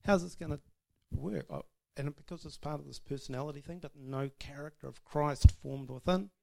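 A man's voice: a little high, brisk, vocal fry. A man giving an informal, self-deprecating testimony about marriage to a church audience, laughing often. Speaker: speaker sharing about marriage.

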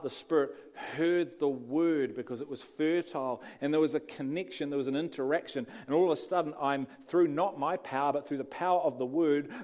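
A man preaching a sermon, shifting between quiet passages and emphatic lines. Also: a little high.

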